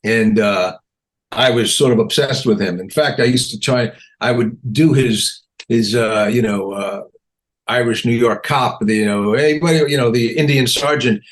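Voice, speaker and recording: Man telling stories, animated and chatty. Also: mid-range voice, moderate pace. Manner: animated, acts out quotes in raised voices, laughs often. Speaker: guest comedian. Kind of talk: casual interview storytelling.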